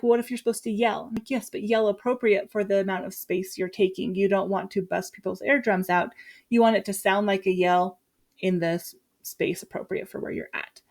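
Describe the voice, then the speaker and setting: A woman from Utah, a teacher, chatting casually and lively as she walks through her lesson plan with quick asides. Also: mid-range voice. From Utah, USA.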